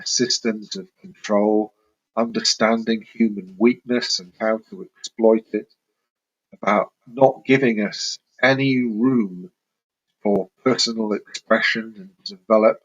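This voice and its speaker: A man speaking as a talk show guest, measured and earnest. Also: fairly low pitch, lo-fi sound. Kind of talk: interview talk.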